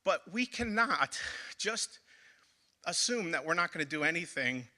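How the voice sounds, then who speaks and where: A man's voice: a little high, expressive, a little slow, sharp tone. A man on a school building committee giving an impassioned speech at a public forum, repeating phrases for emphasis. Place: public meeting hall.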